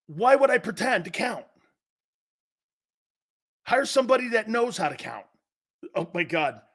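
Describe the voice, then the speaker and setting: A combative male sports talk host with a high, bright voice that swings wildly up and down. He fires off rhetorical challenges in an opinionated rant. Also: sing-song, a little slow.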